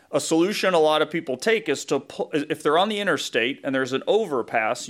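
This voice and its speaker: A medium-pitched man with a Southern US accent, a pastor, preaches a conversational sermon. He thinks aloud, making asides and correcting himself.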